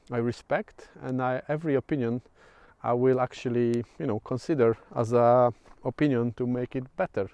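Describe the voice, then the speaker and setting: A man's voice: mid-range voice, mellow, smooth, dry recording. Hesitant man vlogging, Polish accent. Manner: hesitant, many fillers and restarts. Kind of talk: casual vlog monologue. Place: outdoors at sunset.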